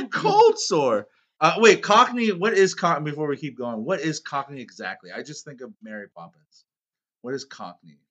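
A man's voice: fairly high pitch, expressive, brisk, sharp tone, highs cut off. A man chatting casually during a guessing game, playful and joking, laughing often. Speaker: game player. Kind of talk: casual chat.

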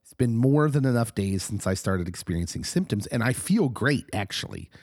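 A middle-aged man who co-hosts a podcast, talking casually while hoarse and husky from a recent illness, animated and laughing often. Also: medium pitch, normal speed, dry recording, clean studio sound. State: hoarse, getting over an illness. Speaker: podcast co-host, pastor.

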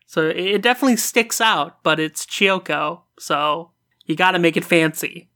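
A podcast co-host in a relaxed casual chat, using frequent fillers. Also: medium pitch, moderate pace.

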